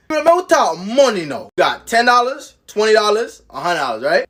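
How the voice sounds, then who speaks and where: A man's voice: very high voice, sing-song, normal speed, fairly bright tone. A man doing a comic, mock-outraged rant about words. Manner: incredulous, mock-outraged, swearing. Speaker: tiktok creator.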